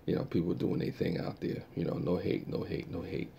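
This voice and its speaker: A man's voice: deep voice, flat delivery, fairly quick, gravelly, warm tone, a little hiss or hum. A man hosting a live stream, chatting casually and reacting to viewer comments in a laid-back way.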